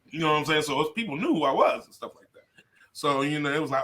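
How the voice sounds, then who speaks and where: A middle-aged comedian from Detroit telling a story in a casual interview, laughing often and cursing freely. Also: male voice, on the high side, lively intonation, quick pace, sharp tone, a little hiss or hum. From Detroit, USA. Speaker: comedian guest.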